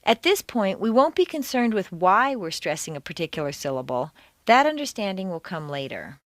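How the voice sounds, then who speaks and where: A woman's voice: medium pitch, big pitch swings, moderate pace, no echo, studio quality. A woman with an American accent reading a pronunciation drill, carefully enunciating each word with exaggerated intonation. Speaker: accent instructor. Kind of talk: slow, deliberate pronunciation drill.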